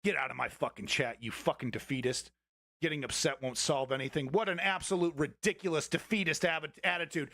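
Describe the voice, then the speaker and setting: A man's voice: a little high, fairly quick, gravelly, a bit bright, dry recording, studio quality. A young man hosting a live political news stream, talking to his chat in a blunt, profane, confrontational way.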